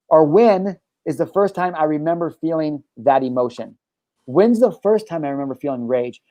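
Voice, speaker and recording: A man's voice: on the high side, no echo, muffled recording. A young adult man hosting a casual talk show, telling a personal story in a blunt, emphatic, profanity-laced way. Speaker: show host and life coach. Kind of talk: casual podcast conversation.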